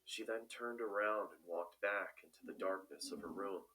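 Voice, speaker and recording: A man narrating a first-person horror story in a calm, measured way. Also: lowish voice, low-quality recording.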